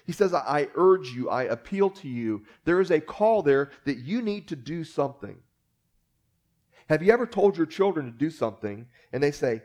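Relaxed, joking preacher, a touch high. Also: male voice, normal speed. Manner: conversational preaching with jokes and frequent fillers. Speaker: pastor. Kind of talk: sermon.

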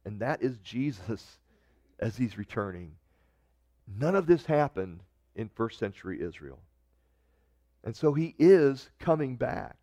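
A man's voice: mid-range voice, very animated, unhurried, pauses often, warm tone, no room sound. A man preaching a sermon in a conversational way, reading scripture and often restarting his sentences. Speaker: pastor.

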